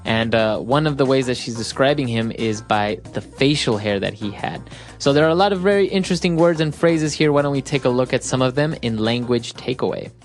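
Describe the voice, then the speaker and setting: A woman hosting an English lesson, who explains words in a relaxed, casual way. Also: a bass voice, a little fast, few pauses, soft background music. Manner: relaxed, explaining, agreeing often. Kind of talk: casual teaching chat.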